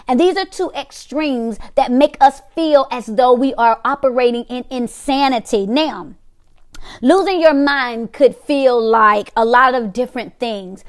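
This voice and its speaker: Host: middle-aged woman, high voice, emphatic motivational teacher who repeats herself. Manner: emphatic, repeats phrases, acts out reactions. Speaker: therapist hosting a weekly talk.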